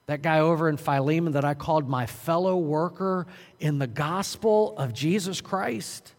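Male pastor, fairly high voice, preaching with earnest, urgent swings in volume; long hall reverb. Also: normal speed. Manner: earnest preaching, rising to loud urgent emphasis and dropping to quiet. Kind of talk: sermon.

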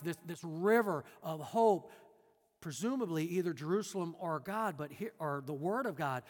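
High-voiced preaching man in a reverberant hall. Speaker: pastor. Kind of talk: sermon.

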